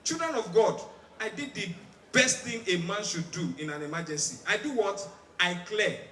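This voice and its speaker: High, bright Nigerian comic working a live crowd, echoing venue, mic a little distant. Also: male voice, normal speed, slight background noise. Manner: animated storytelling in Pidgin, mimicking sirens and voices. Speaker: stand-up comedian. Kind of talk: stand-up comedy routine. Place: large outdoor stage. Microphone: stage microphone.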